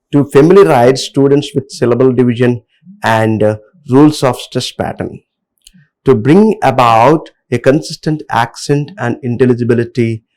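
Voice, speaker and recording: This is a middle-aged man with an Indian English accent, lecturing a class. His voice has a gravelly, creaky edge at a middle pitch, and he talks haltingly, filling his pauses with frequent hesitations. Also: a little mellow, rough recording. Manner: halting, many filler pauses.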